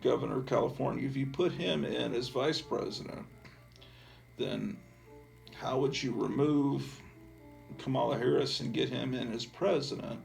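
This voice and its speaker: Gravelly, rambling man showing off comics. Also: medium pitch, normal speed, a little mellow, soft background music. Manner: digressive, offhand, with frequent fillers. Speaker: comic book collector and channel host. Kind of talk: casual rambling show-and-tell.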